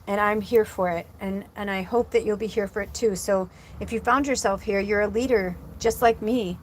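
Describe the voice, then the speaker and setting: A woman's voice: mid-range voice, fairly even intonation, moderate pace, a little hiss or hum. A middle-aged woman, a psychic medium, telling a story casually on a livestream in a rambling way full of fillers, near tears. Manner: rambling, heavy use of "like" fillers; emotional, close to tears.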